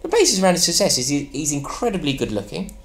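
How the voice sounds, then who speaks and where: A man's voice: on the high side, huge pitch swings, fast. A man, a guest on a football podcast, blunt and opinionated and given to rants. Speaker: podcast guest, fan channel host. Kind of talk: casual football podcast chat.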